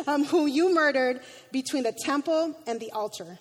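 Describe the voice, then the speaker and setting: A woman's voice: sits high, lively intonation, unhurried. A woman preaching a sermon, reading scripture aloud with emotion, sometimes stumbling and correcting herself. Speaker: guest preacher. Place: church sanctuary. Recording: long hall reverb.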